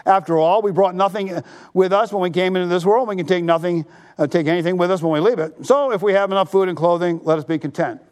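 A male pastor preaching a sermon, animated and drawing the congregation to answer back. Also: sits high, fast talker.

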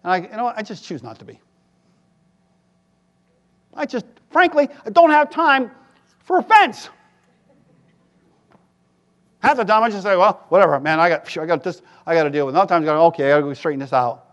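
A man preaching a sermon as pastor, animated, jumping to loud, high quoted voices and dropping into wry asides. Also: racing, few pauses, muffled recording. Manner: animated, rises to shouts for quoted voices, self-deprecating asides. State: tired.

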